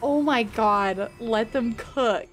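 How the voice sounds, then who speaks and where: Excitable high-voiced woman streamer. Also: takes it slowly, slight background noise. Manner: excitable, gasping, swearing. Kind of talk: live gameplay streaming.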